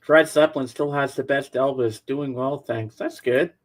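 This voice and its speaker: Guy co-host chatting easy, middle pitch, relaxed stories. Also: normal speed. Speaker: podcast co-host. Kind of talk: casual chat.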